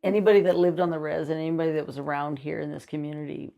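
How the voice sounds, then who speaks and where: A woman's voice: deep voice, level tone, very fast, gravelly. A woman interviewing a community elder, chiming in with short agreements and reminders. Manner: short warm agreements, chimes in. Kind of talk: casual chat.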